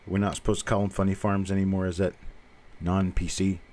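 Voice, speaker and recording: A man in his fifties from the Southern United States, with a mild Southern accent, hosts a live coin stream. His voice is low-pitched, a little mellow, fairly quick and fairly flat in pitch. He's blunt and rambling, tossing in self-mocking asides during the casual chat.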